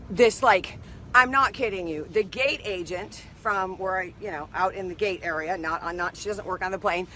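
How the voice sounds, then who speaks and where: A woman's voice: mid-range voice, bright, forceful tone, a little hiss or hum. A woman hosting a live video, telling a rambling personal story in a chatty way and greeting viewers as they join. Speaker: live stream host.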